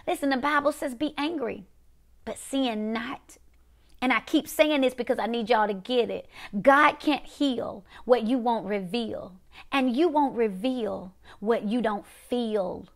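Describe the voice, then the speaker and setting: A woman preaching, emphatic and repetitive, dropping to quiet one-word punches. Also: fairly high pitch, unhurried. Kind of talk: prophetic preaching to a viewing audience.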